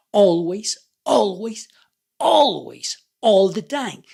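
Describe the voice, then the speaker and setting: A woman whose first language is Spanish leads a slow, patient language lesson. Her breathy voice swoops widely in pitch as she stretches out each vowel for the listener to say back. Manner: drawn-out modeling of vowel sounds for repetition. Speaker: Spanish teacher.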